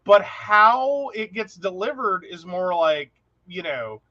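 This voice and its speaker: On a casual podcast, a male co-host tells animated stories, laughing often and acting out quotes. His voice is high-pitched and slow, and the audio is dull.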